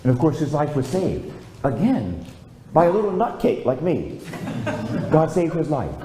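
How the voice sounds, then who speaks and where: A man's voice: a little high, sing-song, normal speed, background noise. An older man, a priest, preaching a storytelling sermon and calling out for amens. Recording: echoey room with faint ambience.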